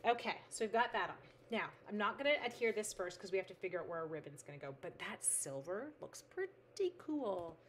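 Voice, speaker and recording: A woman's voice: medium pitch, big pitch swings, brisk, few pauses, a little hiss or hum. A middle-aged woman hosting a craft livestream, chatting casually and talking to her materials as she works. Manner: chatty, reads out viewer comments, talks to her materials. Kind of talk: casual chat while making cards.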